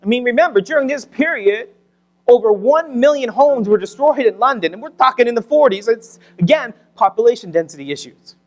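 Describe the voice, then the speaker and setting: A man's voice: very high-pitched, expressive, fairly quick. A man preaching a sermon, telling a wartime story dramatically and dropping to near whispers at tense moments. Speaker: pastor. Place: church sanctuary.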